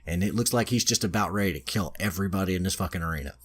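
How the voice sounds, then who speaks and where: A male podcast host with a low, husky voice speaks in rapid-fire fashion while casually retelling the plot of an anime. He swears freely and is loose with fillers.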